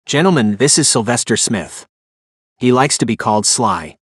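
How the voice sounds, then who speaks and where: A genial, businesslike host of a secluded retreat, as a male narrator reads him. His mid-pitched voice comes across smooth and brisk. The audiobook sound is dry and close. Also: lively intonation, no echo.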